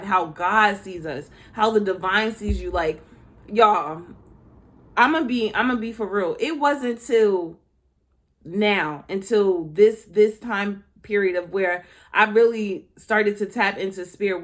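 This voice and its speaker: A woman's voice: medium pitch, unhurried, a bit bright. A woman who used to be a schoolteacher gives a casual spiritual talk to her viewers. She speaks candidly, swears and laughs often, and addresses them directly as "y'all.". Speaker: spiritual teacher, former schoolteacher.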